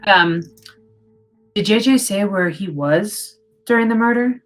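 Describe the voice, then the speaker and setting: A young woman playing a tabletop game, talking hesitantly with many pauses and restarts. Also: mid-range voice, expressive, soft background music, low-quality recording. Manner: hesitant, lots of ums and restarts. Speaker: player. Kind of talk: tabletop role-play chat.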